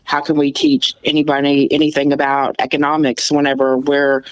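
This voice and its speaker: Call-in guest, man with a higher voice, halting and thoughtful, muffled dry remote audio. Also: completely flat delivery. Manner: thoughtful, hesitant starts. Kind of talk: casual chat.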